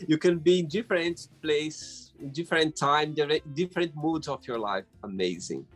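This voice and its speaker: A man from the UK hosting an interview, asking friendly questions in a halting way with many restarts. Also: fairly high pitch, faint music behind. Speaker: interview host. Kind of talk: casual interview.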